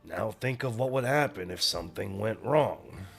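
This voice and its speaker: A man's voice: on the low side, lively intonation, creaky, faint music behind. A man doing a nervous German engineer. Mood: pleading. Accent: put-on German accent. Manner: halting, apologetic, stammering. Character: anxious German engineer, middle-aged man, timid and pleading.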